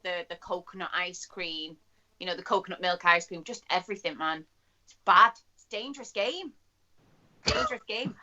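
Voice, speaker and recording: A woman's voice: mid-range voice, bright, forceful tone. A woman, an actor and singer, chatting casually as a guest, laughing and swearing freely over a dull online call. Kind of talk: casual chat. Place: at home in quarantine.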